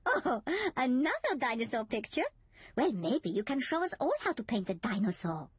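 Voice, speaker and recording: A kind, sing-song gazelle teacher. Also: female voice, on the high side, sing-song, moderate pace, breathy edge, dry recording. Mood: encouraging. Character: kind, gentle gazelle playgroup teacher, adult female. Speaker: playgroup teacher. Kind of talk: cartoon voice acting.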